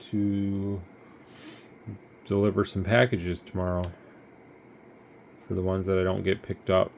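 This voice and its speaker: Yawning and sounding worn out, a man shows off a radio he's selling in a relaxed, rambling product demo. His voice is deep and gravelly, with a little background noise.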